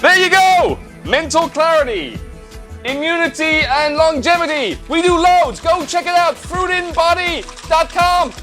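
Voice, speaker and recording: A man's voice: a little slow, music in the background. A man putting on a Canadian accent to play a punning male mushroom supplement salesman in a comedy advert sketch. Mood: cheesy, upbeat. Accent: put-on Canadian. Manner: corny puns, sing-song sales pitch.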